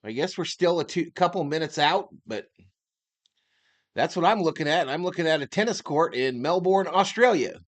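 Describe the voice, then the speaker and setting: A man hosting a live sports stream, chatting in an upbeat, slangy way and giving shout-outs to his chat. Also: a little high, animated, moderate pace.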